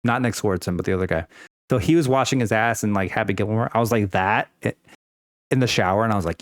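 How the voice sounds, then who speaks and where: Fast and fairly low-pitched, a young vlogger delivers a rambling rant to the camera from home, full of fillers, restarts, and free swearing. The sound is studio quality with no room sound.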